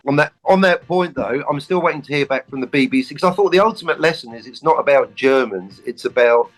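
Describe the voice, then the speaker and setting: A man's voice: mid-range voice, lively intonation, quick pace, low-quality recording. Rambling jokey man chatting about a show. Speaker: podcast co-host. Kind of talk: casual film chat.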